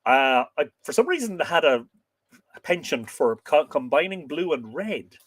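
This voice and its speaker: An Irish man hosts a livestream, his fairly high voice swinging widely in pitch at a slightly slow pace with no room sound. He chats casually and enthusiastically with viewers, reads their comments, and laughs often.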